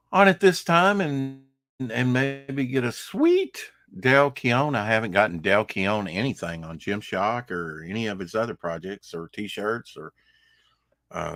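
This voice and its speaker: Low-voiced teasing podcast man. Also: fairly bright tone, no room sound, clean studio sound. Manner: rambling, teasing. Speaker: podcast co-host. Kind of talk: casual chat.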